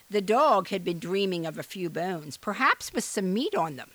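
A woman reading a children's fairy tale aloud in an expressive, animated way. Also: lowish voice, moderate pace, few pauses, no echo. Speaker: storyteller. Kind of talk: storybook read-aloud.

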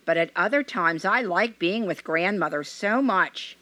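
A woman voicing a young innocent girl in a storybook, speaking slowly and sweetly. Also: fairly low pitch, animated, bright, forceful tone, no echo. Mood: wondering.

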